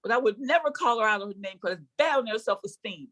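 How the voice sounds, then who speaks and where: A woman's voice: fairly high pitch, animated, fast, fairly bright tone. Brassy older woman doing stand-up. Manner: brassy, sassy and conversational, teasing the crowd. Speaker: stand-up comedian. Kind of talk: stand-up comedy set. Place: comedy stage before a live audience.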